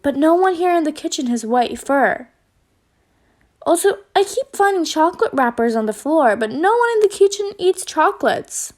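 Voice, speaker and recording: Animated male mouse cook, as a woman puts him on, loud and high-pitched. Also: moderate pace. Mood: eager.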